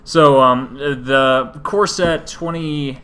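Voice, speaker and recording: A man's voice: mid-range voice, fairly even intonation, very slow, fairly bright tone. A man co-hosting a casual podcast, retelling a story in a joking, rambling way and dropping into silly voices. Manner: jokey, rambling retelling with put-on character voices. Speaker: podcast co-host.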